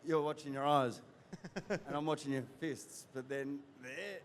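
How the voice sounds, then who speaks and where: A male actor chatting as a guest in an interview, talking in halting bursts full of fillers and restarts. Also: fairly high pitch, slight background noise. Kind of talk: casual interview chat. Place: convention event hall. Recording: reverberant hall with faint crowd ambience.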